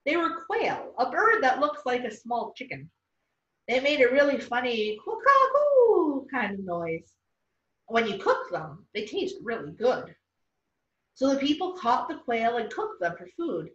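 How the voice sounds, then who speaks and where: A woman storyteller reading a children's story aloud, expressive and gentle, recorded in a church far from the mic with echo and dull sound. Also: fairly high pitch, a little slow.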